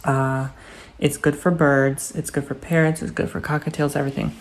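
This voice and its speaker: A man's voice: medium pitch, steady tone, brisk, mellow, a little hiss or hum. A man talks casually to the camera as he goes about his home, his voice sitting in a middle range. He is easygoing and chatty. He often slips into cooing baby talk when he speaks to his pets. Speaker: vlogger. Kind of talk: casual follow-me-around vlog. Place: indoors at home, office area.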